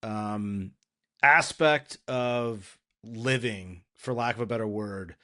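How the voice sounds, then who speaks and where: Slow-spoken male podcast host. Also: lowish voice, pushed and bright. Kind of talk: interview questions.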